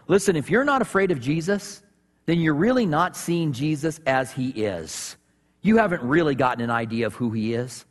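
A man preaching a sermon as pastor, animated and joking as he tells stories. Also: on the high side, brisk. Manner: animated, humorous storytelling. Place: church sanctuary. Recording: long reverb of a church hall.

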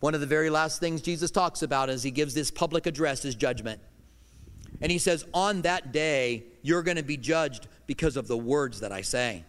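A middle-aged male pastor preaching a sermon in earnest, swinging from loud declarations to hushed lines. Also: fairly high pitch, normal speed. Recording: long hall reverb.

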